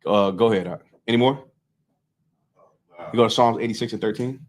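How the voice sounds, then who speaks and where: A man's voice: lowish voice, a little fast, a little hiss or hum. Chatty man leading scripture talk. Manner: loose and talkative, constantly checking in with listeners. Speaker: scripture teacher leading a study group. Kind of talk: conversational street-style scripture teaching.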